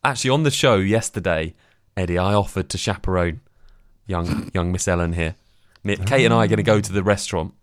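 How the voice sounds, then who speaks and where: A man's voice: sits low, brisk, no room sound, studio quality. Easygoing male podcast host. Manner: easygoing, joking. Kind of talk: casual podcast chat.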